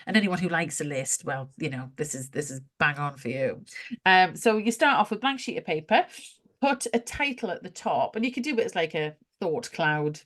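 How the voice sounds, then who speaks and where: Softly low-voiced woman, reflective and encouraging. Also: lively intonation, moderate pace. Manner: reflective, gently encouraging, talks through examples. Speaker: podcast co-host. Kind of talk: casual spiritual chat.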